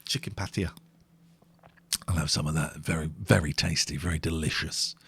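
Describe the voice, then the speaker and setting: A man's voice: very deep voice, fairly even intonation, normal speed, vocal fry, a bit bright, husky, no room sound. A man co-hosting a late-night live stream, chatting casually and reading out viewer comments in a wry way.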